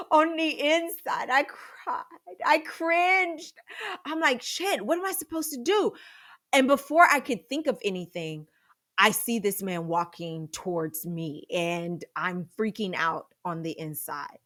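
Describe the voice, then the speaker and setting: A woman in her thirties tells a comedic personal story at an unhurried, drawn-out pace. Her delivery is dramatic and animated, jumping into sudden loud bursts for emphasis. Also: medium pitch. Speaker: podcast storyteller.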